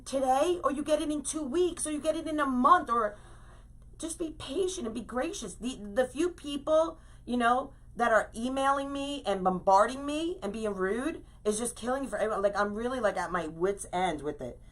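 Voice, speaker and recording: A woman's voice: sits high, moderate pace, a bit bright. A middle-aged woman hosting a live crafting stream, talking casually and ranting emphatically, often tagging her lines with "okay?".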